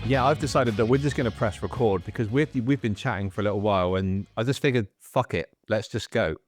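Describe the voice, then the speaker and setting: A man hosting a podcast in casual, joking chat, relaxed and swearing freely. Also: lowish voice, quick pace, faint music behind. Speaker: podcast host.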